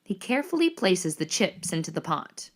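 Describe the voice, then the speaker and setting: A woman narrating the action lines of a screenplay reading in a measured, descriptive way. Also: fairly low pitch, sing-song.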